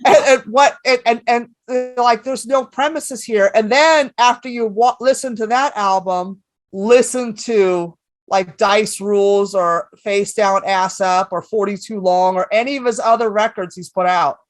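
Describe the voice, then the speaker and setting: A woman comedian guesting on a podcast, telling stories in an animated, rambling, profane way. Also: medium pitch, measured pace, no echo. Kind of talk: casual podcast storytelling.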